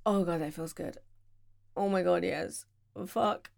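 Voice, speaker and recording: Slow, gravelly British woman. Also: lowish voice, steady tone, darkish tone. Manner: breathy, moaning, often dropping to a whisper. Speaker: audio performer. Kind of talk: intimate audio role-play.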